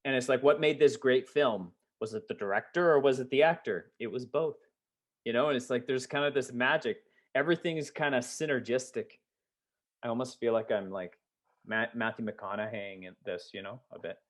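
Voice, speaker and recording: A man's voice: mid-range voice, normal speed. A young adult man, a former teacher, chatting casually on a podcast, rambling with many fillers and frequent laughs. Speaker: podcast co-host. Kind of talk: casual chat.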